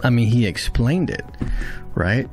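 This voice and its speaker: Excitable swearing man reacting to anime. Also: unhurried, soft background music. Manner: excitable, swears a lot, voice jumps high in shock. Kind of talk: casual reaction commentary.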